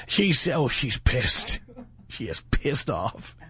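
A man's voice: mid-range voice, sing-song, very slow, pushed and bright, breathy edge. A man hosting a radio talk show from a studio, delivering a brash, boastful monologue.

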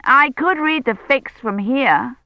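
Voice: sits high, animated, slow, no room sound, voice pushed up, heavily acted. A reader voicing a cautious, reluctant young male technician who keeps apologizing. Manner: hesitant, apologetic. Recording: dull lo-fi sound.

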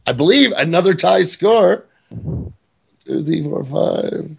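A man's voice: a little high, lively intonation, slow, gravelly, breathy edge. A man hosting a casual quiz game on a podcast, playful and joking as he reads names from a list. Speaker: quiz host.

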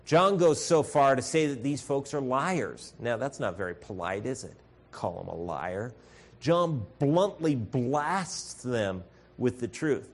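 A man's voice: medium pitch, sing-song, measured pace. A man preaching a sermon as pastor, earnest and direct, calling his listeners folks. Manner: earnest, addresses congregation as folks, acts out shouted voices.

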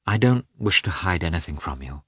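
A man voicing an uneasy, hurried noblewoman. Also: low-pitched, sing-song, fairly bright tone, slightly rough, dry recording, studio quality, heavily acted. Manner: hurried, tense. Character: troubled young noblewoman, uneasy, excited.

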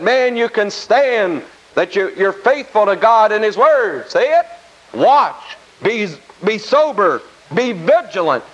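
A man delivers a folksy, emphatic sermon, leaning on repeated scripture phrases. His voice sits high and swings widely in pitch. The recording is dull and lo-fi. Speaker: preacher.

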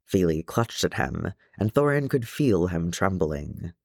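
A man narrating a fan fiction audiobook in an expressive storytelling manner. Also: low voice, measured pace, creaky, no room sound, studio quality. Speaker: audiobook reader.

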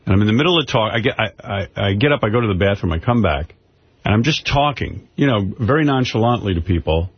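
A man's voice: fairly low pitch, animated, fast talker, husky. A man hosting a radio talk show, telling a heated story and swearing freely. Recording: dull, dry radio studio sound.

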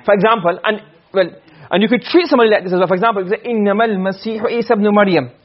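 A man teaching a lecture on Arabic rhetoric, often checking that students follow and reciting Arabic quotations quickly. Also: high-pitched. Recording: dull lo-fi recording.

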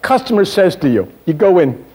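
Animated older man telling a story. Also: high-pitched, fairly quick, slightly rough. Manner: animated storyteller, voice climbing with excitement, chatty asides to the audience. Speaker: sales trainer. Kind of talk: storytelling seminar talk.

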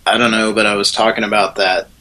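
Male co-host, lowish, bright edgy tone, easygoing chat. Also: flat delivery, fast talker, low-quality recording. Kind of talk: casual chat.

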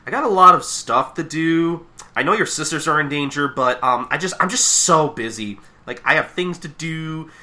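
A man's voice: on the high side, normal speed, bright, forceful tone, pitched above the performer's own voice. A man voicing a timid female pony who makes excuses, in a hesitant and rambling way. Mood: flustered.

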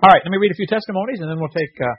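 Man, radio host, chatty and joking, husky voice, dry dull recording. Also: high voice, rapid-fire, no echo. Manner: chatty, jokey, reads letters aloud and corrects himself. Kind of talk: casual radio talk, reading listener letters.

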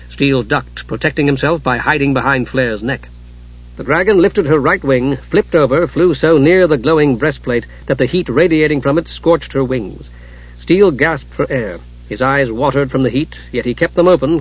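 A man narrating a fantasy audiobook in a steady, dramatic storytelling manner. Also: mid-range voice, slightly rough. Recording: dull lo-fi audiobook recording.

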